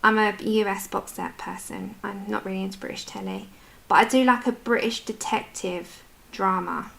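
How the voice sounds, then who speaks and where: A woman's voice: mid-range voice, moderate pace, gravelly, a bit bright. A British woman in her adult years chatting casually with viewers while colouring on a livestream, answering their comments as she goes. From United Kingdom.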